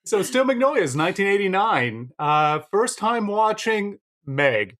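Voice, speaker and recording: A man co-hosting a casual film podcast, teasing his guests with quick interruptions. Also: high voice, sing-song, a bit bright. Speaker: podcast co-host.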